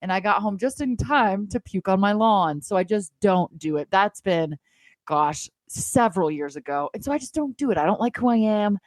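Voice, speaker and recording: Woman in her thirties, casual podcast chat, animated, self-mocking, mid-pitched, dry close sound. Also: moderate pace, no echo. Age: 30s. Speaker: podcast co-host.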